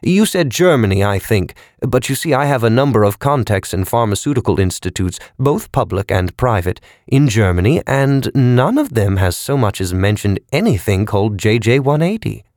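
A man's voice: lowish voice, sing-song, moderate pace, few pauses, darkish tone, no echo. Guy voicing a severe educated man in a storybook, dry and precise, lots of rise and fall. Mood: probing.

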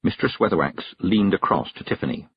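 A man narrating an audiobook in a measured storytelling manner. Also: low voice, lively intonation, breathy edge. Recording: dull, dry narration recording.

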